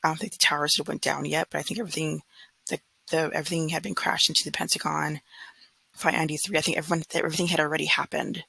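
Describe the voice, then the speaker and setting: A woman's voice: low voice, little pitch movement, fast, creaky, bright, forceful tone, breathy edge, dry recording, poor audio. A woman in her thirties from California, talking earnestly and frankly in a casual vlog monologue, often mimicking others in mocking quotes. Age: 30s. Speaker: vlogger.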